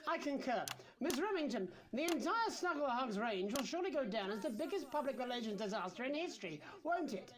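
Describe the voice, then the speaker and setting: A performer playing a formal TV interviewer who asks crisp, pointed questions. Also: high-pitched, big pitch swings, brisk, a crowd in the background. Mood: probing. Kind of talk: comedy audio drama acting.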